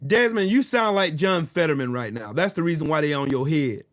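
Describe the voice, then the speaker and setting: A man hosting a live stream, angrily ranting at commenters, profane and shouting. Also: fairly high pitch, lively intonation, a little fast. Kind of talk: angry political rant to live chat.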